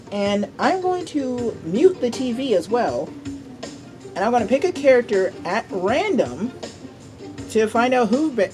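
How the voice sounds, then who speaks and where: Excitable young man commentating a game. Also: high voice. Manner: excitable, chatty, curses at the game. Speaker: gameplay commentator. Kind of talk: casual gameplay commentary. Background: game music.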